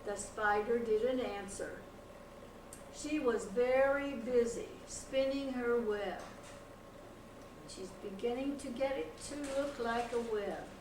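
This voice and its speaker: Older woman, grandmother, slow gentle read-aloud, fairly high voice, distant echoey home-video sound, noisy tape. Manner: slow, gentle storytelling with pauses. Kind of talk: picture-book read-aloud to a child. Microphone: home video camera across the room. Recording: echoey room, distant camcorder mic, noise.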